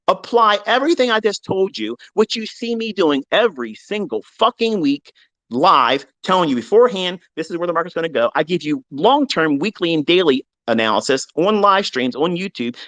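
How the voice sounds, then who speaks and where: A man hosting a live online audio chat, ranting heatedly and profanely, swinging between loud outbursts and low mutters. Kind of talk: heated unscripted rant. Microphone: online audio room.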